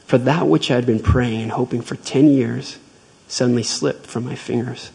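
Male speaker for a devotional talk, husky voice with a gravelly edge, measured and earnest storytelling. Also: medium pitch, fairly even intonation, a little mellow, low-quality recording. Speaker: speaker retelling a faith story.

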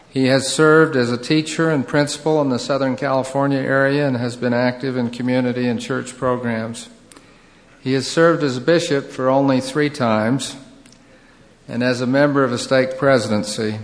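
A man, the college president, reading out a formal, measured introduction of the guest speaker in a large auditorium. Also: mid-range voice, fairly even intonation. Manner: measured, reading a biography aloud. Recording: long reverb of a large hall.

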